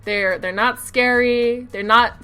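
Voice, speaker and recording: A woman's voice: a little high, fairly even intonation, takes it slowly, pushed and bright, clear, resonant tone. A woman co-hosting a podcast in casual chat. She talks with enthusiasm, swears freely and often restarts her sentences. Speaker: podcast co-host.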